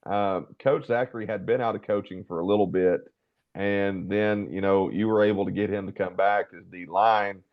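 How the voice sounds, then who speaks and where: A man hosting an interview podcast, talking warmly and affectionately and telling stories. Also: on the low side, steady tone, normal speed, dull audio. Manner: warm, affectionate, storytelling. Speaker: podcast host. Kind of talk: casual interview talk.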